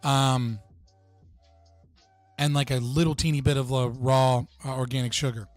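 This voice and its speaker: A man's voice: mid-range voice, flat delivery, unhurried, no room sound, soft background music. A young man hosting a livestream, chatting casually and profanely with his viewers. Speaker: livestream host.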